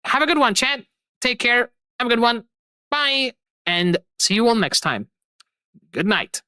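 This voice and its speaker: A woman's voice: fairly high pitch, expressive, a little slow, pushed and bright, no room sound. A woman streamer signing off her stream in a casual, effusive, rambling way, repeating her thanks. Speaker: streamer and host.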